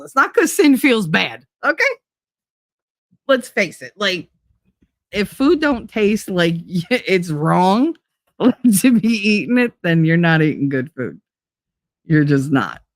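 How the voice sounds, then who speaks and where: Lower-voiced woman, animated and swearing. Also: no echo, studio quality. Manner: animated storytelling, frequent swearing and laughter. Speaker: livestream host reading chat. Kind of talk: casual livestream chat.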